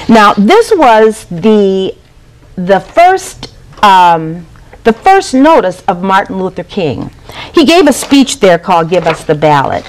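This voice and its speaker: Lively woman giving a public speech. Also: medium pitch, rough recording. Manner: storytelling with lively rising emphasis. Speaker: speaker at a public event. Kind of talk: speech to an audience.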